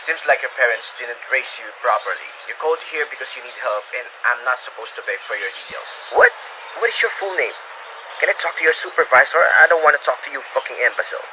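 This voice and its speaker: A man's voice: mid-range voice, fast, long pauses, close to an everyday voice. A man playing a rude, furious male customer who hurls insults at a call center agent in a comedy sketch. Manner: insulting and impatient. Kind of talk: comedy sketch role-play. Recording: muffled recording with loud background noise.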